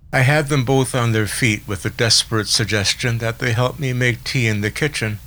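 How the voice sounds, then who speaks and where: A man reading a novel aloud as an audiobook narrator, in a measured, literary first-person style. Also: lowish voice, pushed and bright, low-quality recording. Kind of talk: scripted narration.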